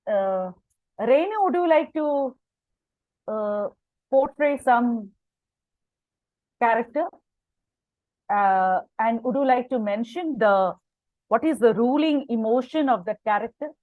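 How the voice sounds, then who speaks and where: A woman with an Indian English accent leads an online storytelling workshop and prompts the participants in an encouraging, halting way with many fillers. Her voice is fairly high, and the video-call sound is close and dry. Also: expressive, no echo, narrow, tinny audio.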